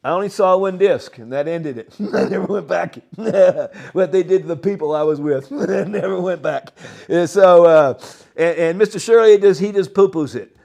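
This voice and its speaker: Older man, high-pitched voice, rambling and halting delivery, chuckles between phrases, interview guest. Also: gravelly. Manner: animated, halting, chuckles often. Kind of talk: rambling storytelling.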